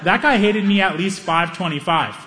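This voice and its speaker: A young man doing stand-up comedy, telling a story with animated delivery and acting out the people in it. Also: sits high, normal speed, long reverb tail.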